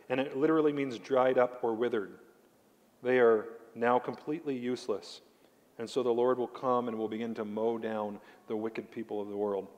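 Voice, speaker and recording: A man delivers a sermon as pastor in an everyday mid-range voice. He is emphatic, slows down to lean on key words and questions his listeners directly. His voice carries a long reverb from a large church hall. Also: mid-range voice. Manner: emphatic preaching, slowing down to stress key words; addresses the congregation directly with questions.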